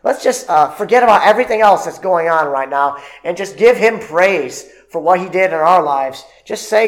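Man preaching a halting sermon. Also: sits high, animated, poor audio. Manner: halting, with many fillers and restarts; reads scripture aloud in old-fashioned wording.

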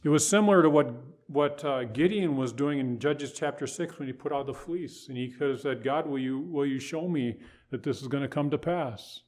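A man's voice: medium pitch, normal speed, few pauses, darkish tone. Man preaching an emphatic sermon. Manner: emphatic preaching with rhetorical questions. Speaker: pastor.

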